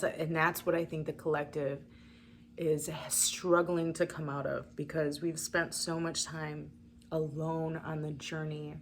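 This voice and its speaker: A woman's voice: low voice, slight background noise. A woman giving a spiritual reading to camera, casual and emotional, talking straight to her viewers. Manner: emotional, casual, swearing, speaks to viewers as collective. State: emotional, near tears. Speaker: tarot reader.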